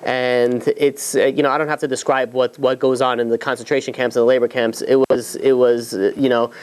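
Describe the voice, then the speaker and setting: A man's voice: mid-range voice, little pitch movement, brisk, clear, resonant tone. A man, a rabbi, telling a long story in a loose, conversational way, full of fillers and restarts. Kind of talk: storytelling talk.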